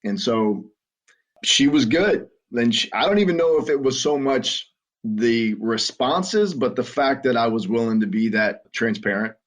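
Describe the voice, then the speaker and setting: A middle-aged man with a Southern American accent, telling his story as a podcast guest in an earnest, halting way with frequent restarts. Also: mid-range voice, expressive. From Southern United States. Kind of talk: conversational storytelling. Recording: muffled lo-fi audio.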